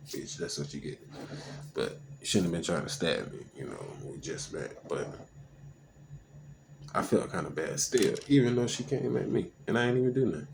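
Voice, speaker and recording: Gravelly low-voiced man telling a story. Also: lively intonation, noisy background. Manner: slangy and halting, with many fillers and restarts. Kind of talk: casual personal storytelling.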